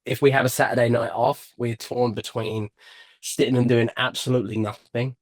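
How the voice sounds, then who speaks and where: A man's voice: medium pitch, fairly even intonation, normal speed. Cheerful English man chatting. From England. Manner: cheerful, chatty, laughs often. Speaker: guest. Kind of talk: casual interview chat.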